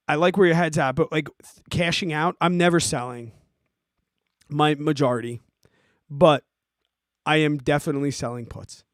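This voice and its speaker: A forty-year-old man hosting a podcast, ranting in an animated, exasperated way and giving casual advice to listeners. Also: on the high side, no room sound, studio quality. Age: 40s. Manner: animated, exasperated, emphatic, swears. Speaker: podcast host answering listener questions.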